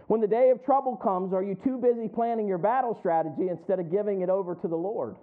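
A male preacher with a fairly high voice delivers a sermon, quoting scripture and playfully acting out his listeners' thoughts. The recording sounds thin and phone-like. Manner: folksy, acts out the congregation's inner voices; laughs often between lines.

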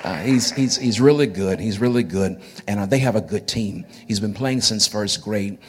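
A man's voice: lowish voice, normal speed, noisy background. Man, pastor, sermon, folksy, repeats himself, faint room ambience. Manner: folksy, joking with the congregation, often repeating words. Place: church sanctuary.

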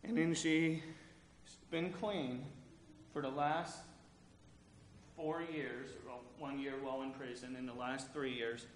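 A man's voice: mid-range voice, steady tone, slow, pauses often. Earnest guy preaching, frank storyteller, echoey room w faint background hum. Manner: earnest preaching mixed with candid personal storytelling. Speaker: pastor. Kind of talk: sermon.

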